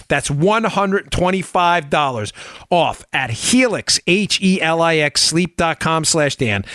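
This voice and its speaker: Male talk-show host, brash and jokey, highish voice, dry studio sound. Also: fairly bright tone, no echo. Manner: brash, joking, fast-talking. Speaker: podcast host. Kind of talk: casual political talk and ad read.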